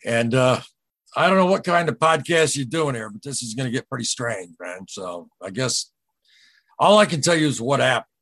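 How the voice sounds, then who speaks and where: A man talking as a podcast guest, telling a personal story in an earnest, halting way and often retelling what people said. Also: mid-range voice, expressive, fairly bright tone, no room sound. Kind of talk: casual first-person storytelling.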